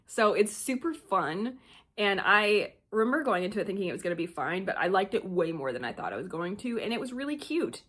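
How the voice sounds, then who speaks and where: A woman's voice: mid-range voice, big pitch swings, brisk, a bit bright. A young adult woman chatting casually as a book vlogger, bubbly and gushing, rambling with lots of fillers. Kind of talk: casual chat.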